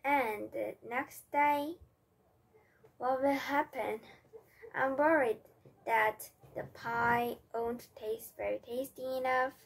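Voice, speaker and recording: Slow, breathy woman reading a storybook. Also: high-pitched, fairly even intonation. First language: Korean. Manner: slow, careful, with slips and restarts. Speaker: reader.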